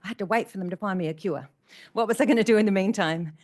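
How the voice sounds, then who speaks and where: A woman's voice: medium pitch, fast talker, a little mellow. A middle-aged woman giving an emotional personal talk to an audience, repeating phrases for emphasis. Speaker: motivational speaker. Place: community event room.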